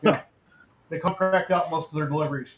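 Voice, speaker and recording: A man's voice: on the high side, steady tone, brisk. A man hosting a casual live podcast and chatting with his audience. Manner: chatty, talks to the live chat. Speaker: podcast host. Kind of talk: casual chat. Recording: dull lo-fi with faint noise.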